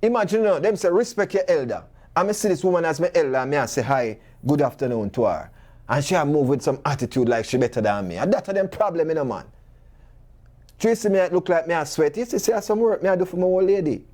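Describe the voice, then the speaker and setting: A man with a Jamaican accent, hosting a talk show monologue full of rhetorical questions and animated stories in patois. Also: fairly high pitch, quick pace.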